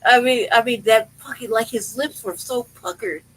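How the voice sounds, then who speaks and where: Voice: mid-range voice, fairly even intonation, moderate pace, fairly bright tone, a little hiss or hum, low-quality recording. A podcast host in casual chat, ranting with lots of swearing and frequent laughter while questioning their own feelings aloud. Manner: profane, laughing rant that questions itself.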